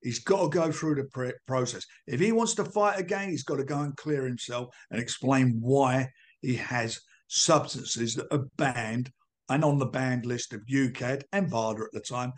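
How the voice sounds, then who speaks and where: A man's voice: mid-range voice, moderate pace. Blunt older man, combative and emphatic. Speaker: boxing promoter. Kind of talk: podcast interview answers.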